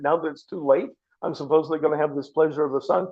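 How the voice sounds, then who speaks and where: A man's voice: a little high, fairly even intonation, fast, breathy edge, highs cut off. A man voicing a bitter old woman who scoffs in disbelief, in an indignant retelling. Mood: bitter scoffing.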